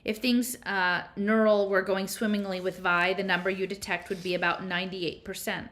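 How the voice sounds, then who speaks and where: A woman's voice: mid-range voice, level tone, moderate pace, a bit bright, lightly acted. Woman reading as a curt, matter-of-fact man.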